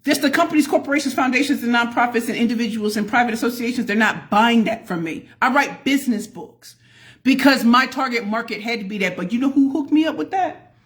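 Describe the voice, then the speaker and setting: A woman hosting a casual live stream as a pitch coach, greeting viewers by name and calling out to the audience as y'all. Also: fairly quick. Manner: folksy, addresses the audience as y'all.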